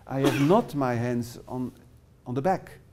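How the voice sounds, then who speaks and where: A man's voice: medium pitch, unhurried, background noise. A middle-aged Dutch man, a non-native English speaker with a Dutch accent, giving a live workshop presentation in a small classroom, with many fillers and restarts as he addresses participants by name. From Netherlands. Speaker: workshop trainer.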